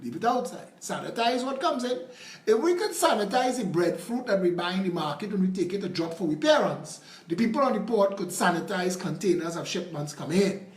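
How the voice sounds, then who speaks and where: A man's voice: sits high, expressive, a little fast, echoey room. A man with a Trinidadian accent hosting a political call-in show, combative and sarcastic. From Trinidad and Tobago. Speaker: political talk show host.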